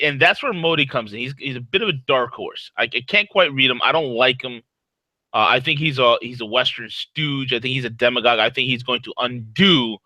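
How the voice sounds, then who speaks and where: A man co-hosting a casual talk show, giving blunt opinions in an animated, rambling way. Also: medium pitch, no echo, low-quality recording. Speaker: co-host.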